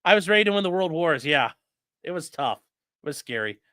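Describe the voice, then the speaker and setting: A man in his late thirties telling a story in a casual, animated and profane way as the host of a livestream, full of gun jargon. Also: fairly high pitch, fairly quick, no room sound. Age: late 30s.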